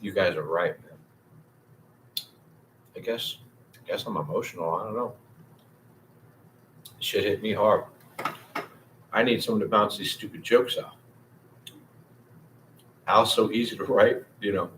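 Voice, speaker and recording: A low-pitched man chats loosely with his livestream audience, drifting between topics and swearing freely. He talks to viewers by name. A faint hum of room noise sits behind him. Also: a little slow, long pauses, fairly bright tone, low-quality recording. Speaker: livestream host. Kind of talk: casual livestream chat with viewers.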